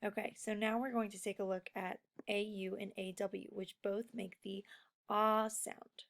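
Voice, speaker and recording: A woman teaching a recorded phonics lesson, explaining slowly and patiently to young students. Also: mid-range voice, little pitch movement, gravelly, a bit bright.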